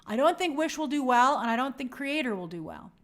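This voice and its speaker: High-voiced woman chatting with stream viewers. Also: sing-song. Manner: chatty, apologetic, quick shout-outs to viewers. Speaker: live stream host. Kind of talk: casual live-stream chat reading viewer comments. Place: home in New York City.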